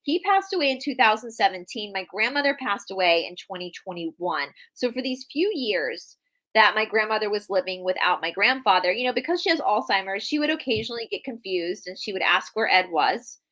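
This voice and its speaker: A young woman tells a heartfelt story over a video call. She speaks earnestly and in a casual, chatty way, often starting her sentences over. Her pitch sits in an ordinary middle range. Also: lively intonation, fairly quick, sharp tone. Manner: earnest storytelling with many restarts. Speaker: podcast co-host. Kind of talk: casual live-stream chat.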